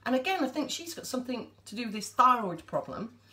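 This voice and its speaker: A woman's voice: on the high side, big pitch swings, fast, pushed and bright. A woman chatting casually to viewers on a live stream, addressing them directly as she talks.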